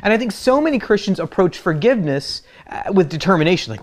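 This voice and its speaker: A man's voice: high-pitched, sing-song, fast talker, few pauses. A man preaching a sermon, who retells the story in a casual, humorous way. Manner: conversational and humorous, acts out quotes. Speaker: pastor.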